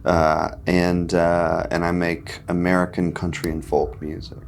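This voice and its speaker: A man from North Carolina, a musician giving a backstage interview, speaking in a reflective, articulate way with frequent pauses and fillers. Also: sits low, flat delivery, gravelly. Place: festival backstage.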